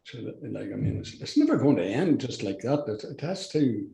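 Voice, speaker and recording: Older Irish man, mellow halting voice. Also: mid-range voice, very animated, gravelly, roomy sound, rough recording. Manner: halting, restarts sentences, blunt with swearing. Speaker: podcast guest. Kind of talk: casual conversational interview.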